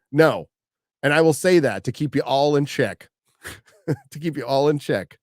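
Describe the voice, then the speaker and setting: A man's voice: on the high side, expressive, moderate pace, dry recording, clean studio sound. A middle-aged man hosting a livestream, reading out viewer questions and answering in a blunt, profane way, often repeating phrases for emphasis. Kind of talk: casual profane livestream chat.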